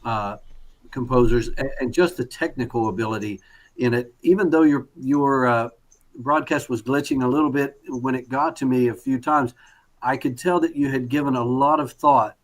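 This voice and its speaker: A man's voice: mid-range voice, normal speed. A man who is a conductor, judging a piano audition over a video call and praising the player at length with many fillers. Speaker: conductor and judge. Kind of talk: spoken feedback on a performance.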